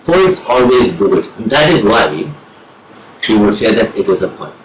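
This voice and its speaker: A man with an Indian English accent, a professor of English giving a slow, measured lecture on reading poetry with deliberate pauses. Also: on the low side, animated, a little hiss or hum. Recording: roomy with faint ambience.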